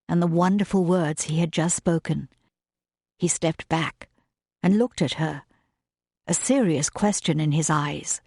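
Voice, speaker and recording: A woman narrating a romance audiobook in a measured, gentle way. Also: lowish voice, dry recording, clean studio sound. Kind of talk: scripted narration.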